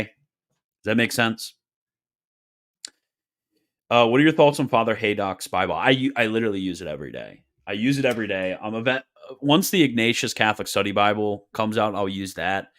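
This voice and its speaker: A man with a somewhat low voice reads viewer questions aloud on a casual livestream. He answers in a loose, wry way, trailing into joking asides and laughing often. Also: a bit bright. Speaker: streamer reading viewer questions.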